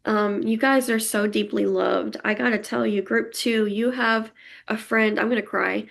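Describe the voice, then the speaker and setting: A woman's voice: medium pitch, fairly even intonation, moderate pace, vocal fry. A woman giving a casual pick-a-card tarot reading, chatty and emotional, reassuring her viewers and laughing often. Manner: warm, reassuring tone toward viewers.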